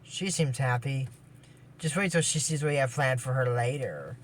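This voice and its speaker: Speaking at normal speed in a mid-range voice, this anime episode reviewer runs through a cartoon episode in a loose, rambling way. He stumbles over restarts, uses lots of fillers, and slips in sarcastic remarks.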